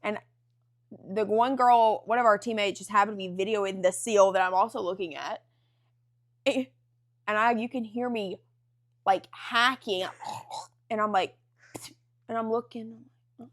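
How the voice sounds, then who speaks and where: A young woman with a Southern US accent, co-hosting a podcast in casual chat, telling stories with laughter and loud acted-out quotes. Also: fairly high pitch, normal speed, pauses often. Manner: animated, laughing, acts out quotes loudly. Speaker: podcast co-host.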